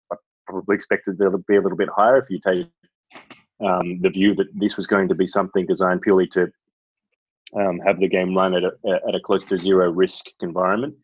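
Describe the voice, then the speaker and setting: A man talking casually about sport, pausing and restarting often. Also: sits low, fairly even intonation, husky, no room sound, dull audio. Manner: hesitant, many restarts and ums.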